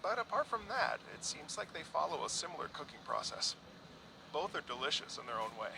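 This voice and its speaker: A man's voice: a little high, sing-song, a little fast. A man voicing a polite, formal traveling musician in a video game. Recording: game audio with clear background noise.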